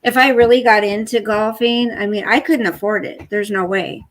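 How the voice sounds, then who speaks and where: An older woman chatting casually with her live stream viewers, rambling between stories and stopping to coo softly at her dog. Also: mid-range voice, steady tone, normal speed, low-quality recording. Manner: chatty, rambling, talks to her dog in soft baby talk.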